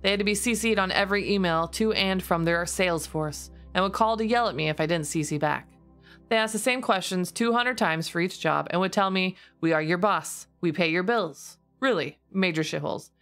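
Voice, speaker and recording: Streamer woman reading in a lowered voice. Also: a little fast, a bit bright, faint music behind. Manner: reads in a lower, steadier voice, laughs often. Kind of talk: reading posts aloud on a stream.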